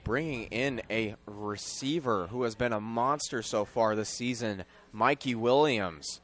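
A young man calling high school football play-by-play, his voice climbing sharply on big plays. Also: a little slow, a bit bright. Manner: rises sharply in pitch and volume on big plays. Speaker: play-by-play commentator.

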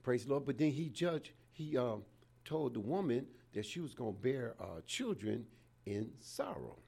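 Gravelly-voiced older man preaching. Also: mid-range voice, sing-song, moderate pace, dark tone. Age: 70s. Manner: folksy, repeats "praise the Lord" often. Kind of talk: informal sermon.

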